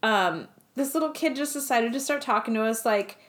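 A young woman co-hosting a casual chat, telling animated stories and acting out the voices of people in them. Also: fairly high pitch, normal speed. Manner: animated storyteller who acts out quoted voices. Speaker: podcast co-host.

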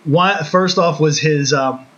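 A man's voice: a little high, slow pace, bright, forceful tone. A man co-hosting a podcast, chatting casually in a rambling, laid-back way with lots of fillers. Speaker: podcast co-host. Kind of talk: casual chat. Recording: muffled lo-fi recording.

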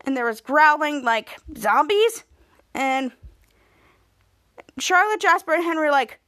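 This podcast host speaks in a high, animated, slightly bright voice, going slowly and pausing often. She meanders through a TV episode recap, chaining scenes together with "like" and "and then," and frequently restarts her sentences or corrects herself.

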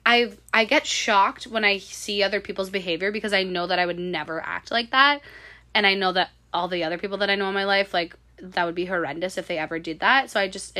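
A woman's voice: mid-range voice, bright, forceful tone. A young woman, hosting a podcast and telling stories in casual chat, acting out the quotes. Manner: chatty storyteller, acts out quotes, laughs often. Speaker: podcast host.

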